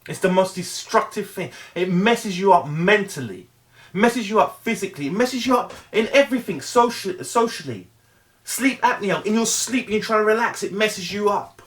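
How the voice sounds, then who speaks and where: A middle-aged man with a high-pitched voice speaks in an earnest, pleading way. He hammers home points through heavy repetition and often trips over the start of a phrase before pushing on. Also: animated, a bit bright. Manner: earnest, emphatic, heavily repetitive; halting restarts. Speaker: vlogger. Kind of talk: motivational monologue.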